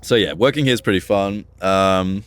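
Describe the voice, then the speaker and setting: A man's voice: low voice, normal speed. A young man co-hosting a podcast in casual chat. He rambles through stories and acts out the dialogue. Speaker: podcast co-host.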